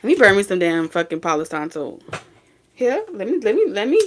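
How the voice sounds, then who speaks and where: A woman's voice: mid-range voice, very animated, fairly quick, slight background noise. A woman giving a tarot reading, talking in a blunt, profane, scolding way with lots of repetition. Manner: blunt, profane, scolding street talk with sudden laughs and singing. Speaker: tarot reader.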